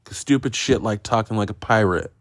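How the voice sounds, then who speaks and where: A man's voice: on the low side, brisk, no room sound. A man hosting a podcast, giving a casual solo film review in a rambling, profane, self-mocking way. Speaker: podcast host reviewing films.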